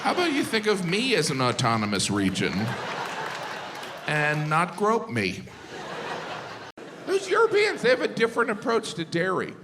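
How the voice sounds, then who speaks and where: A man doing a stand-up comedy set, telling stories deadpan with sudden high exasperated bursts. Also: normal speed, pauses often, background noise. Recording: live hall with audience laughter. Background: crowd laughter and room ambience.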